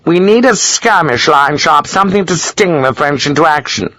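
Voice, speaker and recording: A man voicing a haughty young lieutenant who speaks in a high, insistent way. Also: animated, moderate pace, sharp tone, dry recording. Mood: imperious. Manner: high-pitched, imperious, insistent. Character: haughty young male lieutenant, pompous and pushy.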